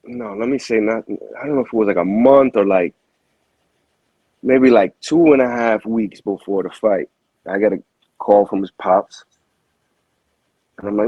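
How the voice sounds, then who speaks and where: A boxing manager tells his story in loose, slangy talk and keeps restarting his sentences. His voice is husky. The sound is close and dry. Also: lowish voice, unhurried, long pauses, no room sound, muffled recording. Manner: animated storyteller, heavy slang, frequent restarts. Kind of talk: casual interview storytelling.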